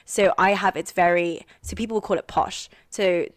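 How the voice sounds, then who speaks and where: A woman's voice: lowish voice, steady tone, normal speed, no echo, studio quality. A woman from London with a received pronunciation English accent, chatting casually with many fillers. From Northwest London, England. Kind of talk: casual chat.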